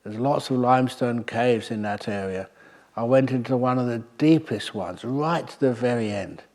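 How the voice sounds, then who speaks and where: Male monk, mid-pitched, dry humor, rambling anecdotal delivery to a retreat audience. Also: darkish tone. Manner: wry, anecdotal, pauses with fillers. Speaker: Buddhist monk teaching a meditation retreat. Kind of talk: humorous storytelling dharma talk.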